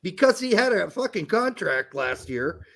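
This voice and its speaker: A man's voice: sits high, sing-song, normal speed, creaky, a bit bright. A man co-hosting a casual sports podcast, rambling, joking and swearing freely. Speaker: podcast co-host. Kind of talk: casual soccer podcast chat.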